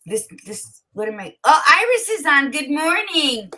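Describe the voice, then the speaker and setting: A woman co-hosting a casual morning chat from home, lively and switching between English and Spanish, laughing often. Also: high voice, measured pace. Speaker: co-host. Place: home, by a window.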